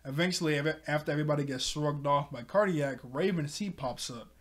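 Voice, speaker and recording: A man's voice: fairly high pitch, a little fast. A young man casually recapping a cartoon episode, rambling with lots of fillers and frequent laughs. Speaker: show reviewer.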